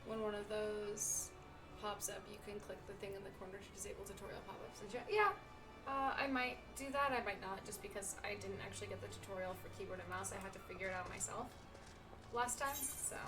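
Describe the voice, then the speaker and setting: A woman's voice: medium pitch, fairly even intonation, a little fast, recorded from a distance, low-quality recording. Chatty woman streaming a game. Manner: chatty, rambling, talks to chat. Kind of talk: live game stream chat. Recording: off-mic with game music.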